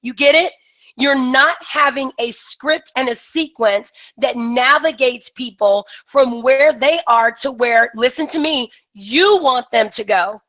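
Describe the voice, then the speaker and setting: A woman business coach giving an energetic live-streamed coaching talk, acting out both sides of made-up conversations. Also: high voice, unhurried, rough recording.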